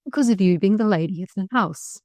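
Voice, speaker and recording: A woman doing a smooth-talking schoolboy. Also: medium pitch, fairly quick, a little mellow, dry recording, studio quality, lightly acted. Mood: wheedling. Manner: earnest, overly polite. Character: polite, scheming young schoolboy, smooth-talking.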